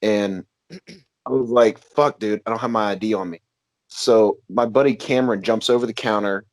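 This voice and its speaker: A man's voice: fairly low pitch, no room sound. Crude rambling podcast host, man. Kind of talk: casual podcast chat.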